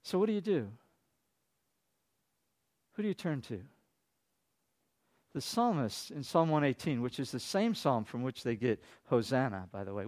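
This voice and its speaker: A male pastor preaching a sermon in a conversational storytelling way, asking the congregation rhetorical questions and swinging between loud excited preaching and soft, quiet asides. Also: mid-range voice, a little slow, long pauses.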